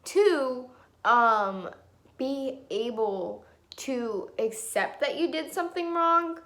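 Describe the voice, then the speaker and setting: A young woman with a high voice vents her opinions into her camera at home. She talks angrily and emphatically and swears often. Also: lively intonation, takes it slowly, fairly bright tone. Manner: angry, emphatic, frequent swearing. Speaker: vlogger. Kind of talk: impassioned opinion vlog.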